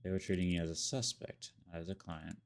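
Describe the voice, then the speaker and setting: A man voicing a calm, measured defense lawyer in a video game, reading in a level, earnest way. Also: low-pitched, creaky.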